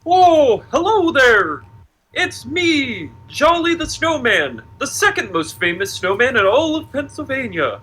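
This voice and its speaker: A man voicing a jolly male snowman who hosts a podcast, in a goofy, drawn-out, sing-song way. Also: very high voice, big pitch swings, pushed and bright, breathy edge, voice pushed up, full character voice.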